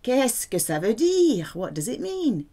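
A woman's voice: on the high side, sing-song, measured pace, mellow. A woman teaching French vocabulary, speaking patiently and repeating words with careful pronunciation. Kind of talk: vocabulary lesson.

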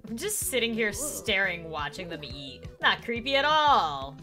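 A woman hosting a let's play, commenting in an excitable, playful way with quick reactions. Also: mid-range voice. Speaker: gaming channel host. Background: faint game music.

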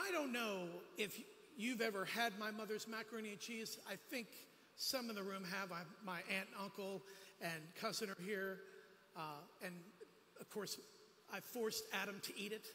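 A man's voice: sits high, normal speed, sharp tone, big-room sound, slight background noise. A man giving a sermon as a guest preacher at a church, telling personal stories with humorous asides. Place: church sanctuary.

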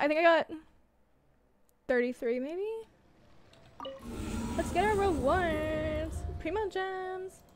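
A young woman streamer chatting casually to herself while playing a game, swearing when she loses. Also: extremely high pitch. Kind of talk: casual gaming livestream chat. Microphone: desk mic, wearing headphones.

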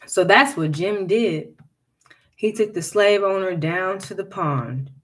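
A woman reading a folktale aloud in a measured, expressive storytelling manner. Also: medium pitch.

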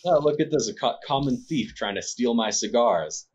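A man's voice: on the low side, lively intonation, a little fast, breathy edge, muffled recording. A man voicing a haughty, rude nobleman who sneers at and berates the people around him. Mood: scornful.

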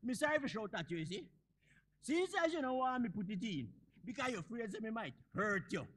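A man's voice: very high voice, a little fast, sharp tone, exaggerated voice. A man doing a wheedling old husband. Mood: pleading. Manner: wheedling, then blustering. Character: frustrated old husband, pleading and hot-tempered. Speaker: actor in a stage comedy. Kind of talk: stage comedy acting.

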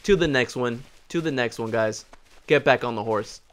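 A young man giving loud, jokey live commentary on his own video game play, trash-talking the players and repeating words in excited bursts. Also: medium pitch, normal speed. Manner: hyped, jokey, trash-talks the game characters. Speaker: gaming YouTuber.

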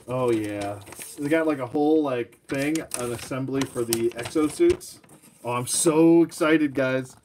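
A young man excitedly unboxing toys on a live stream, laughing often and rambling with fillers. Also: medium pitch, slight background noise. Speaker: toy collector streaming live. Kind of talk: casual live unboxing chat.

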